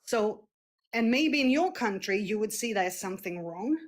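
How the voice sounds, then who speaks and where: A woman's voice: mid-range voice, lively intonation, moderate pace. A young woman from Scandinavia, talking in a casual street conversation, hesitant and searching for words. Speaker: street interviewee.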